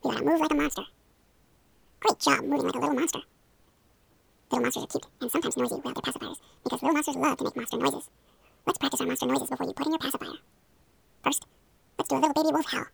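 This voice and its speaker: A young woman guides a playful hypnosis role-play in a high, heavily fried, gravelly voice. She talks quickly, coaxing and encouraging the listener along, with a dry, close sound. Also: fairly even intonation, no room sound.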